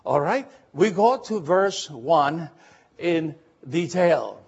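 A man leading a Bible study lecture, speaking earnestly with halting restarts and often asking the listeners whether they follow. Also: fairly high pitch, lively intonation, gravelly, a little mellow, slightly rough, dull audio. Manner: earnest, halting, often checks understanding with questions; spells out Greek letters slowly.

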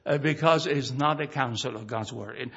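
Pastor preaching, bright husky voice, slow punchy scripture reading, lots of uhs. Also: male voice, medium pitch, highs cut off. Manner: slow emphatic scripture reading, many fillers and restarts. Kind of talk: sermon.

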